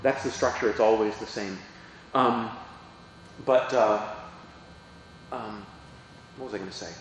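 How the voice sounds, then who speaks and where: A man's voice: lowish voice, a little slow. Male priest, chatty teaching talk, asks questions, big echoey church, faint hiss. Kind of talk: explanatory catechesis talk.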